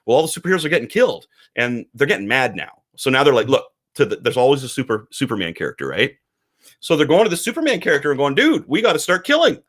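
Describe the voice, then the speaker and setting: A man's voice: medium pitch, very animated, fast talker, a bit bright. A man co-hosting a casual podcast, talking animatedly and acting out quoted voices. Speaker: podcast co-host, comic publisher.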